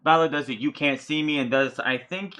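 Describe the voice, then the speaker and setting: A man reviewing wrestling on a casual solo podcast, his voice bright and forceful. He rants with heavy swearing and often trips over words and restarts them. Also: a little high, a little fast. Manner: ranting, profane, heated.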